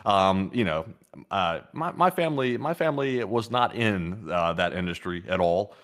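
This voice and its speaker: Low-voiced hesitant American man. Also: lively intonation, moderate pace, a bit bright. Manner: hesitant, rambling, full of fillers. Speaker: co-host. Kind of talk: casual live Q&A chat.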